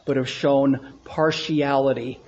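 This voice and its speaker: A man's voice: mid-range voice, fairly even intonation, slow, a little mellow, lo-fi sound. A male pastor preaching a sermon to his congregation, repeating phrases for emphasis and asking the room questions. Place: church sanctuary with congregation.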